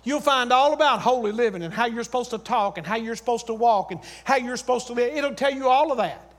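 High-voiced man preaching a sermon. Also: quick pace. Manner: exhorting with repeated phrases and calls to the congregation; swings from loud urging to quiet storytelling.

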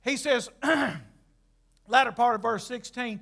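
A male preacher with a very high, sharp voice delivers a lively sermon. He jokes with the congregation in quiet asides, then builds to emphatic, shouted declarations. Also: slow, gravelly, pauses often. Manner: emphatic, swings between soft asides and shouted bursts.

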